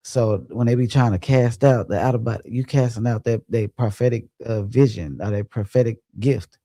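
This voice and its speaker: A man's voice: medium pitch, moderate pace, mellow, no room sound, studio quality. A young man hosting a livestream, chatting casually and reading out viewer comments in a laid-back, rambling way, laughing often. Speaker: livestream host.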